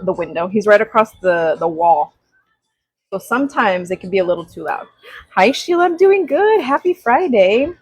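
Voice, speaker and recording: A young woman chatting on a craft livestream, greeting viewers with excited gasps. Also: fairly low pitch, breathy edge, no room sound, rough recording. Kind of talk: casual livestream chat. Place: craft workspace at home. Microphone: small clip-on mic.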